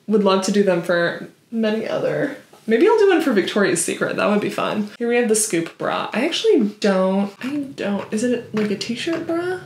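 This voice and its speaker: Chatty snarky woman in an echoey room. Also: medium pitch. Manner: chatty and snarky, with many fillers. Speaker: vlogger reviewing bras. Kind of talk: casual chat.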